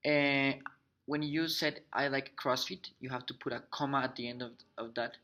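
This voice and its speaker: Halting young man, Spanish native speaker. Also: mid-range voice, steady tone, pushed and bright, highs cut off. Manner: halting, many fillers and restarts. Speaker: English learner presenting. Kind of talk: student summary on a video call. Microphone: video call.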